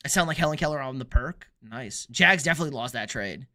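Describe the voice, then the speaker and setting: A man's voice: mid-range voice, expressive, bright, forceful tone. A young man from Texas with a Texan accent, hosting a casual sports livestream and bluntly answering viewer comments with jokes. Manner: blunt, joking, opinionated, quick asides.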